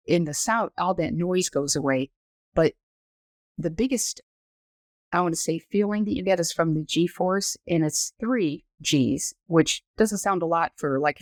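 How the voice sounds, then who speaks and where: A woman in her sixties, a former astronaut guest on a podcast, telling her story in a detailed, measured, explanatory way. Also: lowish voice, no echo. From United States. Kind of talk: conversational storytelling interview.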